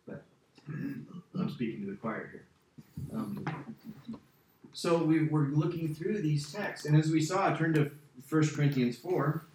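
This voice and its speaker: A man's voice: medium pitch, slight background noise. A man teaching a Bible study as pastor, emphatic and conversational, repeating key phrases for stress. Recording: very echoey, distant church mic.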